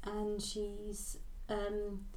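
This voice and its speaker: A woman co-hosting a casual book-club podcast, hesitant, with many pauses and restarts. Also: mid-range voice, monotone, a little mellow. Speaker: podcast co-host.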